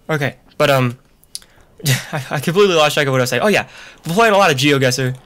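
A man's voice: mid-range voice, fast, fairly bright tone. A young man doing loose, profane, joking commentary while playing a video game. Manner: profane, rambling, jokey. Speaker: let's play gamer. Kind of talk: casual gameplay commentary.

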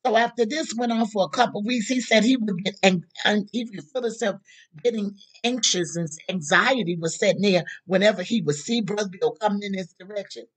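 A woman preacher telling a story in her sermon, animated and calling out to the congregation. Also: medium pitch, fairly quick.

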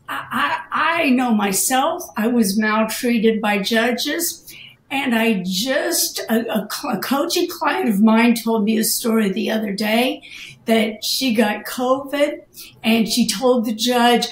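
A woman co-host with a high voice who speaks slowly and haltingly, restarting her phrases. Her voice rings in a roomy, echoing space. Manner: halting, repeats words. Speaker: podcast co-host, coach. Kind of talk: casual podcast conversation. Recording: roomy echo.

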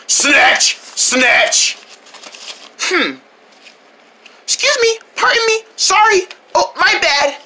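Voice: extremely high pitch, sing-song, extremely slow, pauses often, noisy background, heavily acted. A performer voicing a sneaky cartoon kid who mutters apologies while tiptoeing past sleepers to snatch a blanket. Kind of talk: cartoon voice acting.

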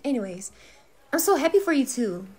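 A woman playing a loud, protective young woman friend who gets stressed easily, ranting dramatically and swearing in a fan role-play. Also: sits high, very animated, a little fast, husky, exaggerated voice.

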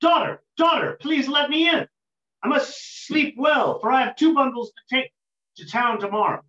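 A man's voice: medium pitch, expressive, fast talker, noisy background, voice pushed down, close to an everyday voice. A man doing a weary, humble old woodcutter. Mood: pleading. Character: poor weary old male woodcutter, humble and put-upon. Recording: roomy dull lo-fi recording.

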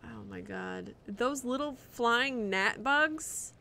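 A woman's voice: on the high side, lively intonation, slow pace, creaky, bright, forceful tone. A woman streaming live gameplay commentary, muttering and swearing in frustration at the game as she plays.

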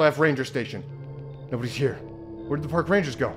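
A man's voice: mid-range voice, fairly quick, pauses often. A young man giving jokey, jumpy commentary while playing a horror game, swearing and talking to himself. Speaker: let's play host. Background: game music.

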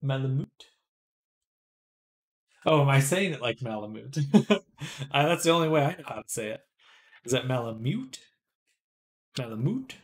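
A man live-streaming, quietly talking himself through 3D modeling work, sometimes dropping to soft whispered asides and getting chattier and amused when he answers chat. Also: medium pitch, lively intonation, normal speed, pauses often. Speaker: livestreamer. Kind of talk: casual live-stream commentary while 3D modeling.

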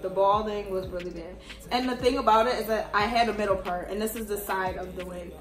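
Blunt, cursing young woman ranting in a roomy space. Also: mid-range voice. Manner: blunt, profane, exasperated complaining. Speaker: wig reviewer. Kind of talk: casual product review. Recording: roomy sound from a distant mic with music behind.

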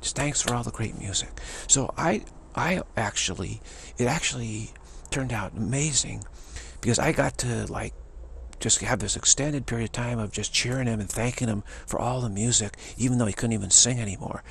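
A man's voice: mid-range voice, normal speed, vocal fry, a bit bright, slight background noise. A man, a spiritual teacher, telling a personal story and acting out what other people said.

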